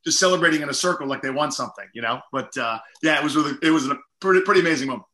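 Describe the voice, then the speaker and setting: Rapid-fire and pushed, a middle-aged comedian's bright, fairly high voice bounces around an echoey room. As a guest in a casual interview, he rambles through self-deprecating stories, constantly saying "like" and "you know."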